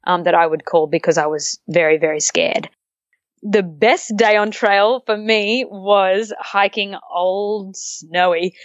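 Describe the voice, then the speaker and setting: A woman with an Australian accent, chatting as an interview guest and telling lively stories with frequent laughter. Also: on the low side, no room sound, highs cut off. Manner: animated storyteller, laughs often, acts out quotes. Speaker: interview guest, long-distance hiker. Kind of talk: casual interview chat.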